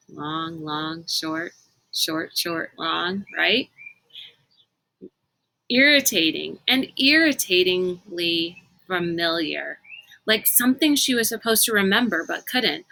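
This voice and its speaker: A woman reading a novel aloud in an unhurried, expressive storytelling manner. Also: medium pitch, vocal fry, poor audio. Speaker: reader.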